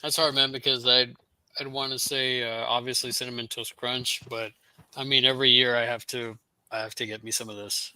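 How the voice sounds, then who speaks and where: A man with a very bright, crisp voice chats casually in a flat, even tone. He hesitates often, restarting his sentences and filling gaps with "like" and "uh", over a dry, close mic. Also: mid-range voice, brisk, dry recording. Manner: hesitant, filler-heavy, many restarts. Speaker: guest. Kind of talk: casual chat.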